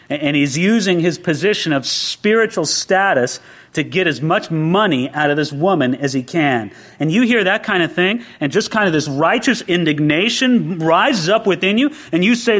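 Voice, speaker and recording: Male pastor, high and animated, preaching with rhetorical questions and impassioned quoted prayers. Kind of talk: sermon.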